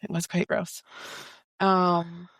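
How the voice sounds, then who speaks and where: A woman's voice: fairly low pitch, level tone, slow pace, vocal fry, a bit bright, no echo. Female podcast co-host, casual book chat, reads notes aloud, laughs a lot, dry close sound.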